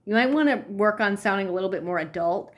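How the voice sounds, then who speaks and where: A woman's voice: mid-range voice, fast. A woman talking straight to camera in a heated vlog rant, blunt and swearing freely. Her voice sits in an ordinary mid range. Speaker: vlogger. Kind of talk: ranting vlog monologue.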